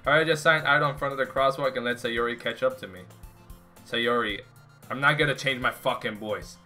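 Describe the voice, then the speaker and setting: In casual live-stream commentary, an exasperated young man rambles and swears at his game while chatting with viewers and friends. His mid-range voice is pushed and bright, a little fast, with soft music in the background.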